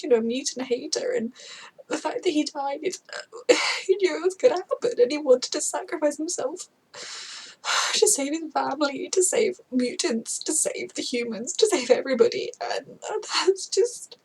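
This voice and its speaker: A woman's voice: high voice, moderate pace, poor audio. A woman talking casually in a reaction vlog, rambling and emotional, often breaking off mid-thought. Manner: rambling, emotional, self-interrupting. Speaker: TV show reactor.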